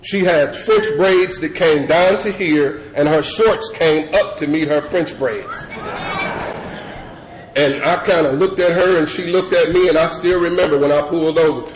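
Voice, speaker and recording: A middle-aged man telling his story to a recovery meeting in loose, animated talk full of "you know" and "man". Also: on the high side, measured pace. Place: meeting hall with an audience. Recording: echoey room with audience and background noise.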